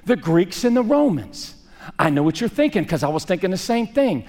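A man preaching a sermon, swinging from raised emphasis to hushed, quiet lines. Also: high voice, sing-song, normal speed, long reverb tail. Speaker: pastor.

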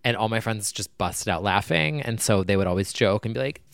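Smooth low-voiced man with wry asides. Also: expressive, a little fast, fairly bright tone, dry recording, clean studio sound. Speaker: podcast co-host. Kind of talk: casual music review chat.

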